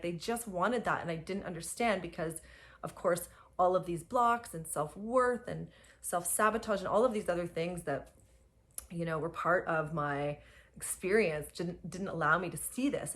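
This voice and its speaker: A young adult woman telling a personal spiritual story, emphatic and full of fillers and soft laughs. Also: lowish voice. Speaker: spiritual guide.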